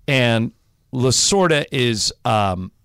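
Animated male radio host telling stories. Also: medium pitch, extremely slow, clear, resonant tone, no room sound, clean studio sound. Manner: animated, laughing storyteller. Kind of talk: casual chat, storytelling.

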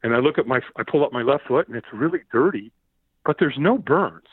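Lively man on a tinny phone-like line. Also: mid-range voice, moderate pace, husky, no echo. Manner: lively, acts out quoted shouts, repeats words. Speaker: podcast guest. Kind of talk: animated storytelling.

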